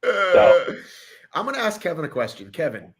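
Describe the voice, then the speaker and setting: A man's voice: high voice, big pitch swings, normal speed, rough recording. A man hosting a live online show, joking around and swearing freely in casual chat.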